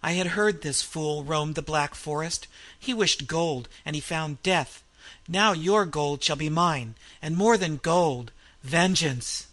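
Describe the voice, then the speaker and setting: A man's voice: unhurried, sharp tone. Man playing a roaring, mad old innkeeper. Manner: roaring, wild laughter, raised pitch. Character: insane vengeful male innkeeper, roaring.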